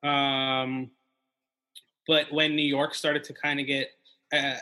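A man, a comedian appearing as a podcast guest, speaks with a bright, forward tone. He talks in a halting way, full of restarts and filler words, as he chats casually. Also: medium pitch, flat delivery.

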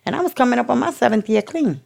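A woman's voice: on the high side, animated, fast, vocal fry, a little mellow. A woman from New York telling her recovery story to an audience in a blunt, profane, emotional way. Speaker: recovery speaker. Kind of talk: candid personal recovery story.

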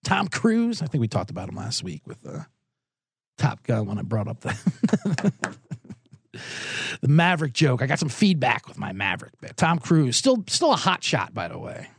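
A man's voice: medium pitch, big pitch swings, moderate pace, creaky, slightly rough, no room sound, clean studio sound. A man hosting a sports betting podcast, rambling through sarcastic, profane comedic riffs. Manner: rambling, sarcastic, swears a lot.

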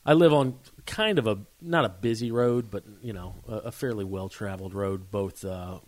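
A man in his forties, co-hosting a podcast, telling a story in a casual, animated way and acting out the shouts. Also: on the low side, moderate pace. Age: 40s. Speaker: podcast co-host.

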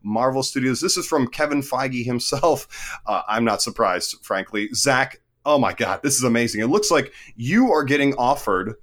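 A man's voice: mid-range voice, lively intonation, moderate pace, a bit bright. A young man co-hosting a comedy podcast, reading fake emails in a mock-earnest, hesitant way with lots of fillers. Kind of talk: improvised comedy bit.

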